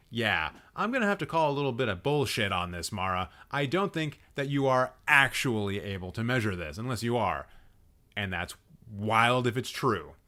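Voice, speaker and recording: Sarcastic man roasting, lively and bright. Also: on the low side. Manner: exasperated, sarcastic, swears a lot. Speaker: livestream host. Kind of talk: live roast commentary.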